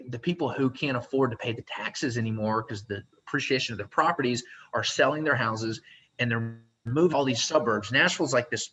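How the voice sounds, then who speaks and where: A man's voice: mid-range voice, fairly bright tone, low-quality recording. A man, a real estate investor, answering interview questions in a casual, rambling way. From Tennessee. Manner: rambling, with restarts.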